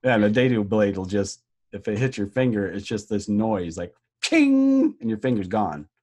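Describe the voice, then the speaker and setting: Low-voiced man, casual and laughing. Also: a little fast, breathy edge. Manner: relaxed, laughs often, tells stories. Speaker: podcast co-host. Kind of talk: casual chat.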